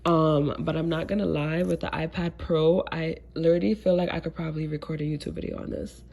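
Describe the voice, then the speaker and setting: A tech vlogger chats through a casual unboxing in a stuffy, congested voice that sits low and is steady, creaky, a little mellow, and slightly rough. She talks fairly quickly in a laid-back manner, with frequent ums and slang.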